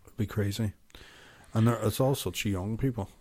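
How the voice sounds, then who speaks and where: A man's voice: on the low side, moderate pace, darkish tone. A man co-hosting a podcast, chatting casually in a rambling way, swearing and laughing often. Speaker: podcast co-host. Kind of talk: casual chat.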